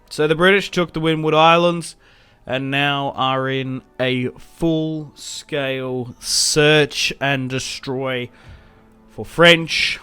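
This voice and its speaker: A man's voice: mid-range voice, smooth. Chatty young man commentating a game. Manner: chatty, reacts loudly to setbacks, self-mocking laughs. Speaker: gaming YouTuber. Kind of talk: casual gameplay commentary.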